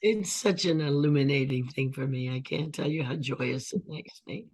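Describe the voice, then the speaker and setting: An older woman, a guest actress, chatting in an interview with a husky voice, acting out the voices of people in her stories. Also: a bass voice, moderate pace. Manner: animated storyteller who acts out quoted voices. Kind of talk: casual interview chat.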